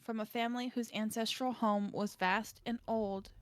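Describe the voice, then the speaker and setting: A woman streamer narrating a visual novel in a steady, measured reading voice. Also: on the high side.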